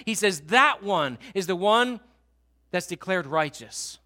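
A man preaching a sermon, moving from animated, loud passages to hushed, slow and intense appeals. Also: high voice. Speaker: pastor.

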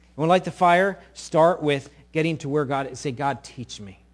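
A middle-aged male pastor preaching a sermon, animated and sometimes acting out quoted voices loudly. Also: a little high, brisk.

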